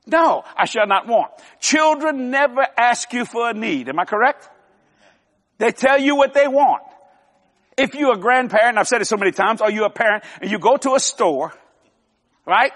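High-voiced older preacher in a big hall. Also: male voice, expressive, normal speed, fairly bright tone. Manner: folksy, emphatic, joking with laughs. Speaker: televangelist preacher. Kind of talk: sermon. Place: large church hall. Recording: long hall reverb.

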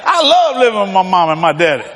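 A man in his sixties preaches in a high, lively voice that swoops all over as he tells folksy, funny stories and chuckles along. The sermon rings through a large hall with a long reverb tail. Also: fast, over a noisy crowd, very noisy. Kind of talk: humorous storytelling sermon.

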